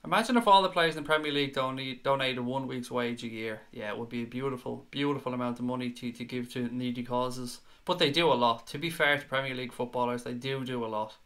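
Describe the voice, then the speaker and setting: Bright-voiced Irish stream host. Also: male voice, medium pitch, fast talker, hardly any pauses. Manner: chatty, earnest, repeats words when worked up. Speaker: fan show host. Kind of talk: live-stream chat reading viewer comments.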